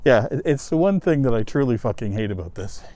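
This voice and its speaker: Out of breath as he climbs a forest trail in a wooded ravine, an East Coast American man narrates a casual vlog on a handheld camera, laughing and cursing along the way. He speaks in a mid-range voice that is expressive, fairly quick, and dark in tone.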